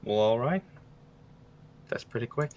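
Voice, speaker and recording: A young man co-hosting a casual chat show, answering rapid questions with dry wit and some laughter. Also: mid-range voice, lively intonation, a little mellow, slight background noise. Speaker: podcast co-host.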